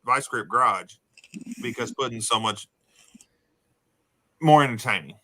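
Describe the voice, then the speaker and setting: Southern guy chatting and teasing, bright voice, dry close sound. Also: mid-range voice, a little slow, no echo. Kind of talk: casual chat.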